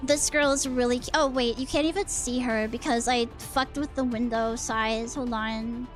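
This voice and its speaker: A woman's voice: fairly high pitch, steady tone, normal speed, faint music behind. A woman streamer chatting casually and teasingly, rambling with lots of fillers as she talks to her chat. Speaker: VTuber streamer.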